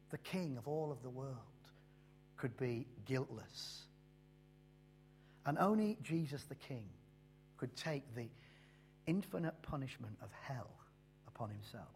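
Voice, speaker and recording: A man preaching a sermon, slowing down and swelling in loudness on key phrases before dropping low again. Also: sing-song, a little hiss or hum. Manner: emphatic, rises and drops in loudness and slows on key phrases.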